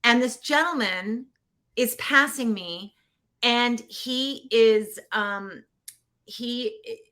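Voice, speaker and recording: Bright-voiced woman telling a story. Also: fairly high pitch, extremely slow. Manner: animated, acts out quoted voices, laughs often. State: getting teary. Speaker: podcast guest, producer and actor. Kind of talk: casual storytelling interview. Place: Los Angeles.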